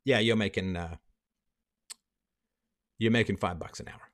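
A man's voice: fairly low pitch, unhurried, fairly bright tone. A man hosting a livestream monologue, emphatic and lecturing, walking through numbers step by step. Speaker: livestream host.

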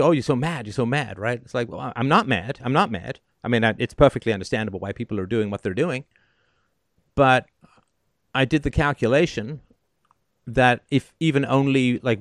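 A man's voice: mid-range voice, dry recording, studio quality. Emphatic, sardonic male call-in host. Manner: emphatic and sardonic, keeps asking "right?". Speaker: call-in show host giving advice. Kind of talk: call-in advice monologue.

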